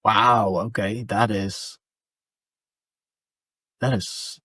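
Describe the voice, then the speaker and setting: A man hosting a podcast, speaking in a hesitant, casual way with frequent pauses. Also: on the low side, steady tone, slightly rough, no room sound, studio quality. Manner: hesitant, many fillers and restarts, soft-spoken replies. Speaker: podcast host. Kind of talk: casual interview chat.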